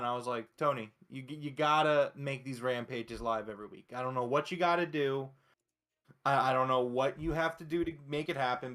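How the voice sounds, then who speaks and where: A man's voice: medium pitch, a bit bright. A man co-hosting a wrestling podcast, blunt and opinionated, answering the chat. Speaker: podcast co-host.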